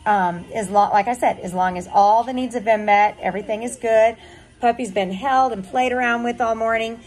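A woman's voice: steady tone, normal speed, darkish tone, faint music behind. A middle-aged woman breeder chatting casually to camera about her puppies, cooing at them now and then. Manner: chatty, coos at puppies in a higher voice. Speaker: puppy breeder.

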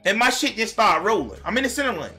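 Animated, cussing male storyteller. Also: high-pitched, fast, soft background music. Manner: animated, profane, talks straight to viewers, bursts into shouts. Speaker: vlogger telling a personal story. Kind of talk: casual storytime monologue to viewers.

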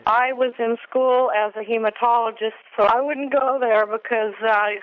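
A woman's voice: fairly high pitch, steady tone, normal speed, slight background noise. A woman caller on the phone, defensive and laughing things off. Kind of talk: phone call. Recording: tinny phone line.

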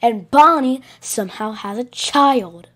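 A high-voiced woman talks slowly through a game roleplay at her computer. She stammers, repeats herself and breaks into frantic yelling bursts. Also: animated. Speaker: gameplay roleplayer. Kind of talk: voiced roleplay over gameplay.

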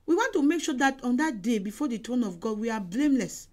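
Preaching a sermon over an online call, a woman evangelist exhorts emphatically, repeating phrases and sometimes bursting into shouts. Her voice is expressive, fast and on the high side.

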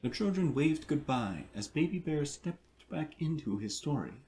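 A man reading a picture book aloud in an unhurried, playful way, with casual asides. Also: a little high, animated, mellow. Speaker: storyteller.

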